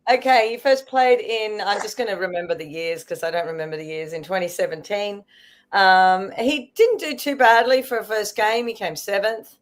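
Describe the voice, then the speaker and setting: A woman chatting as a podcast guest, telling stories in an animated way. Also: medium pitch, normal speed. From Australia. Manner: chatty, animated storytelling with fillers. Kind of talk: casual podcast chat.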